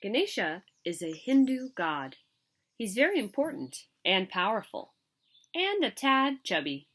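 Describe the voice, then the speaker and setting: Animated woman reading a picture book aloud. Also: medium pitch, a little slow. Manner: expressive, animated. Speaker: story reader.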